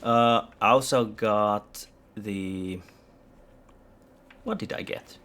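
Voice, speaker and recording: A man's voice: on the low side, very slow, fairly bright tone. A man streaming a video game live, chatting with viewers in a hesitant, rambling, self-mocking way. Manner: rambling, hesitant, many restarts. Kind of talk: live gameplay commentary with chat.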